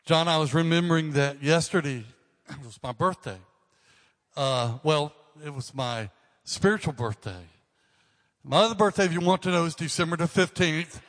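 Male pastor, 60s, relaxed sermon talk with quips, slightly high voice, echoing church hall. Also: normal speed. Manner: casual, joking asides.

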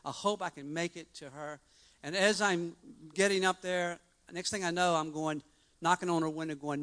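Bright-voiced earnest middle-aged man testifying. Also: a little high, steady tone, moderate pace. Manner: earnest, rambling, with many restarts and fillers. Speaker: church member giving a testimony. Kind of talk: personal testimony to a congregation.

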